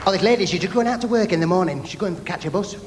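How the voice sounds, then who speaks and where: A man telling quick jokes in a stand-up routine, switching voices for the punchlines. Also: high-pitched, a loud crowd, heavy background noise. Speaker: stand-up comedian. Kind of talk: stand-up comedy on a televised talent show. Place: theatre stage with a live audience. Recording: old TV broadcast from a big hall with audience.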